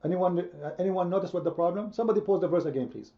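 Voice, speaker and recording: Emphatic high-voiced male debate host. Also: quick pace, muffled recording. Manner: emphatic, repetitive, quizzing the audience. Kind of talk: heated online debate.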